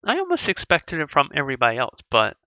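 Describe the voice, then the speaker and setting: This is a hurt teenage girl from a video game, dejected and quick with sarcasm, read out by a woman. The voice is bright and a bit tense, close and dry with no room around it. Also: low voice, wildly swooping pitch, dry recording, full character voice.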